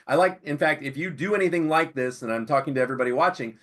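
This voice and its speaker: A man's voice: a little high, quick pace, fairly bright tone. A tired man, a guest on a podcast, explaining his coaching course casually while he fumbles for words and apologizes. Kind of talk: casual interview chat.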